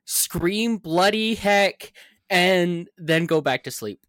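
A man's voice: high-pitched, slow pace, fairly bright tone, no echo. A man telling odd family anecdotes in a casual chat with friends, sometimes puzzled and defensive.

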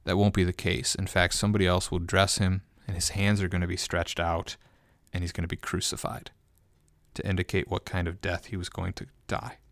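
A man with a very low, deep voice walks through a scripture passage in a relaxed, unscripted teaching style, thinking aloud and sometimes restarting a phrase. The recording is dry and close, with no room sound. He speaks as a pastor explaining the text. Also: a little fast, no echo. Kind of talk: unscripted bible study commentary.

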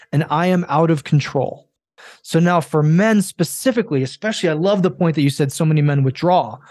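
A man's voice: a little high, darkish tone, dry recording. A man in his forties talking earnestly and emphatically, coaching other men in a casual conversation. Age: 40s.

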